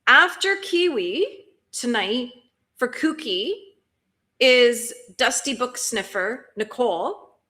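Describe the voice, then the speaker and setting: Woman, livestream host, chatty, rambling, bright voice, desk mic. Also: fairly high pitch, expressive, slow. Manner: chatty, rambling, reads chat aloud. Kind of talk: casual chat closing a stream.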